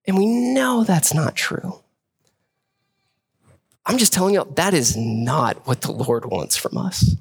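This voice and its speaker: A man's voice: slow pace, vocal fry, pauses often, breathy edge. A man preaching a sermon as a pastor, in a conversational way that keeps checking in with "right?" and acts out the voices of churchgoers. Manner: conversational preaching with frequent "right?" and repeated words; acts out voices of churchgoers in a rising, animated pitch.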